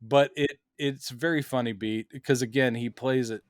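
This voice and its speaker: A man's voice: medium pitch, fairly even intonation, moderate pace, no echo, clean studio sound. A man co-hosting a podcast in casual chat, acting out quoted lines with animation. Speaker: podcast co-host.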